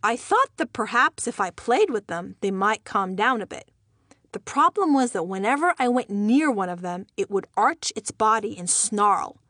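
A woman's voice: medium pitch, animated, normal speed, fairly bright tone, no echo. A woman from Iran reading her own memoir aloud with a wry, dry humor. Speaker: memoir narrator. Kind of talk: audiobook memoir narration.

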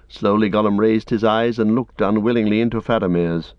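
A man reads a fantasy novel aloud in a steady storytelling voice. His pitch sits low. The recording is dry, close and a little muffled. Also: brisk, dry recording. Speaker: audiobook narrator. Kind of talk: scripted narration. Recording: dry, slightly dull audiobook recording.

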